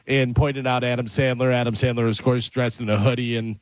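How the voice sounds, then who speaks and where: A man co-hosting a radio show, telling animated stories and doing quick impressions. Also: mid-range voice, clear, resonant tone, dry recording. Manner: animated storyteller, does impressions. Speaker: radio co-host. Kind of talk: casual radio banter.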